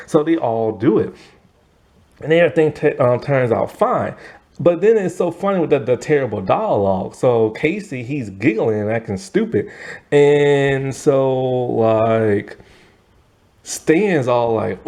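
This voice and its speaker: A man's voice: medium pitch, sing-song, unhurried, darkish tone. A man casually recapping a movie plot, laughing as he acts out the characters' lines. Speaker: movie reviewer.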